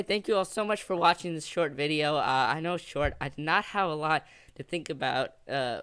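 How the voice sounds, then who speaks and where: Young man, teen, story time host, rambling and excitable, fairly high voice, dry close sound. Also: clean tone, no echo. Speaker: gaming channel host. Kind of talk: story time narration over gameplay.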